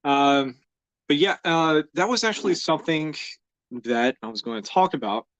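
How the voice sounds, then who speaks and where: A man's voice: on the high side, expressive, normal speed, a bit bright, dry recording, lo-fi sound. A young American man hosting a live drawing stream, chatting in a rambling, easygoing way with lots of fillers and small laughs. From United States. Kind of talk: casual live-stream chat.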